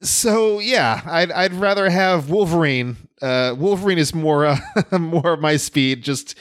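A man's voice: a little high, slow, a bit bright, no room sound. Laughing, rambling man in casual chat. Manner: chatty, laughs often, many fillers and restarts. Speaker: podcast co-host.

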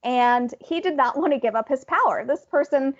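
High-voiced woman telling a story. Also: normal speed, dull audio. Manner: animated, laughing as she tells a story. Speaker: podcast co-host. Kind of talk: casual storytelling chat.

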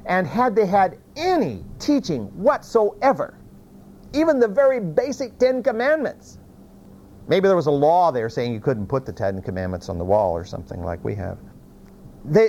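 A man's voice: a little high, muffled recording. A man teaches from the Bible in a sermon, retelling the story in his own folksy words. His voice moves widely up and down as he talks, and he often restarts a phrase before carrying on. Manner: animated storytelling with many restarts and folksy asides.

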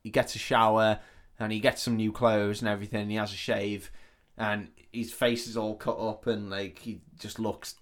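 A man co-hosting a podcast, casually retelling a film's plot in a rambling, sweary way, quickly acting out the characters' lines. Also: on the low side, flat delivery. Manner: rambling, sweary storytelling with quick acted-out quotes. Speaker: podcast co-host.

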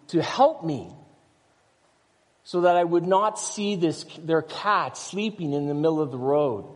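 An older man, a pastor, preaching a conversational sermon full of personal stories and rhetorical questions. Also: a little high. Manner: storytelling with asides and rhetorical questions. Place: church sanctuary. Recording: long reverb of a church hall.

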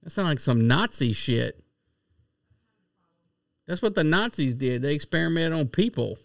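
A man reading out a report and then arguing loudly in casual chat, swearing freely and pushing his point. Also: a little high, lively intonation, measured pace, creaky, no echo, studio quality. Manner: blunt, loud, argumentative, swears a lot.

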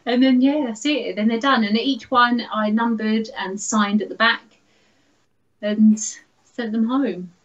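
A woman's voice: fairly high pitch, fairly even intonation, measured pace, a bit bright. Chatty woman, slightly muffled recording. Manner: chatty, laughs often, many fillers. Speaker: guest artist. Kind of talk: casual interview.

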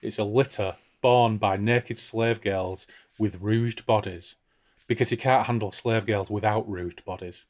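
A man with a somewhat low voice shares a book-discussion podcast. He reads passages aloud with expression and breaks off into relaxed, chatty commentary. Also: a little slow. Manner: expressive reader, lifts voice for quoted characters. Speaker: podcast co-host reading and discussing a novel. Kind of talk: casual book-club chat with read-aloud passages.

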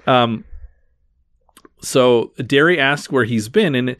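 A man's voice: medium pitch, takes it slowly, fairly bright tone, no echo. A man hosting a podcast, talking through a movie scene by scene in a casual way with lots of fillers. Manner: recaps scenes in detail, many fillers. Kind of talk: casual film discussion.

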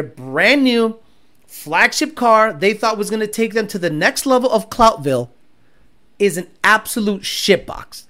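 A man's voice: high-pitched, lively intonation, unhurried, pushed and bright. A young man rants through a casual livestream, blunt and boastful. He swears freely and talks straight at his chat as host.

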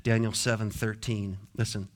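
A man preaching a sermon as pastor, moving between soft, gentle consoling passages and emphatic, repeated declarations. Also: fairly low pitch, level tone, moderate pace.

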